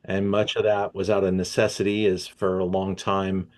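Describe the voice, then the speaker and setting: A man's voice: low voice, little pitch movement, normal speed, a little mellow. A man hosting an educational wine session, easygoing and hesitant with many fillers. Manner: easygoing, with many ums and uhs. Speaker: wine shop host.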